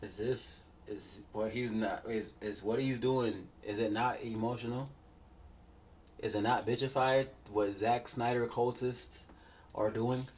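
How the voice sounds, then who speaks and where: A man's voice: medium pitch, fairly even intonation, a little slow, a little hiss or hum. Man, reaction host, heated and profane rant with AAVE delivery. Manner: exasperated, swearing, rising to shouts. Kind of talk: ranting reaction commentary.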